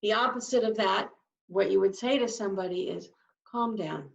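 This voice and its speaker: A woman with a mid-range, creaky voice teaches sign language, patiently walking through each sign step by step in slow instruction, though her speech itself is brisk. The recording is dull, lo-fi, reverberant, and captured from a distance.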